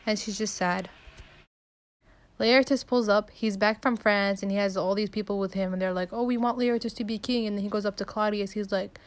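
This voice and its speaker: A woman's voice: medium pitch, little pitch movement, moderate pace, smooth. A woman casually retelling a play's plot in slangy, breezy talk as a student presenter. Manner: slangy, breezy, voices quotes loosely.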